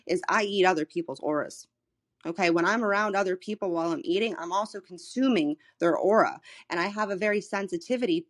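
A woman in her thirties from Florida, a human design coach, telling a personal story in a casual, animated way, swearing freely and often restarting her words. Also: lowish voice. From Florida, USA. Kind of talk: casual storytelling in a live audio room. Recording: live social audio room recording.

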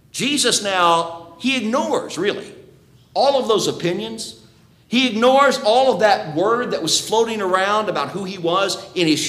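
A man's voice: sits high, fairly bright tone. A man preaching a sermon to his congregation, earnest and emphatic, asking rhetorical questions. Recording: roomy echo.

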